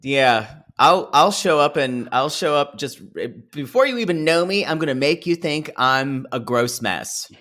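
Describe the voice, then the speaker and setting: A man's voice: fairly high pitch, expressive, a little slow, few pauses, sharp tone. A man co-hosting a casual podcast, laughing easily and joking at his own expense. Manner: giggly, self-mocking banter. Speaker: podcast co-host. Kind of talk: casual chat.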